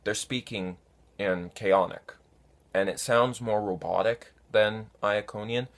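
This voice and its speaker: Slow, low-voiced man chatting casually. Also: fairly even intonation. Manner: unhurried, halting, with many fillers. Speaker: fan conlang vlogger answering comments. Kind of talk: casual talk to camera.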